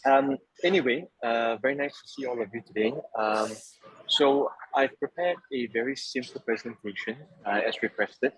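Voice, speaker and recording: A man presenting at an online webinar, relaxed and joking, with plenty of fillers, from Malaysia. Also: medium pitch, normal speed, slightly rough, no room sound, low-quality recording. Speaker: webinar speaker, travel association president. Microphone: video call.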